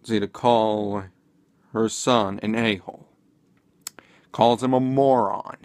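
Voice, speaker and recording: Slow, rambling male vlogger. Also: fairly low pitch, steady tone, a little mellow, dry recording. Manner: rambling, hesitant, many fillers and restarts. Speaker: video commentator. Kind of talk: casual commentary vlog.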